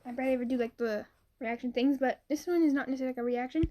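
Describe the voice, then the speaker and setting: A woman casually reading comments aloud as a video creator, giggly and excitable, laughing often between lines. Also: sits high, very fast, slight background noise.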